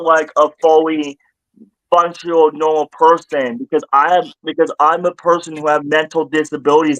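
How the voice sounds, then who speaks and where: A man with a high voice talks on a home livestream. He rambles, repeats himself and climbs higher when upset. The sound is dry with no room echo. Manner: rambling, repeats and restarts phrases, gets louder and higher when worked up. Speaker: streamer. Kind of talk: casual livestream chat.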